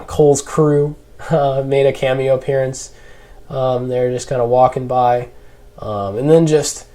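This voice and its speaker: A man's voice: mid-range voice, warm tone. A young man talking through a casual spoken review, rambling with lots of fillers and restarts. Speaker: YouTube reviewer.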